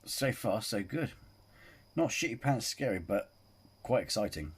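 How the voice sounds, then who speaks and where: A man's voice: on the low side, big pitch swings, a little slow, husky. A man hosting a reaction video, rambling casually, repeating filler phrases and swearing freely. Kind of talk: casual chat.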